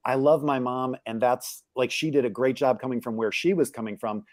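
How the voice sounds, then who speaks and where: Fairly quick and a little mellow, a middle-aged man's medium-pitched voice comes through in studio quality with no echo. He's a live interview guest sharing candid reflections on his upbringing, searching as he goes with many restarts and fillers.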